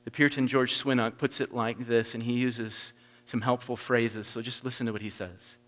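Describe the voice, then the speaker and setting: A man preaching a sermon, emphatic, swinging between loud stressed points and soft low asides. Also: little pitch movement, normal speed, in a large hall.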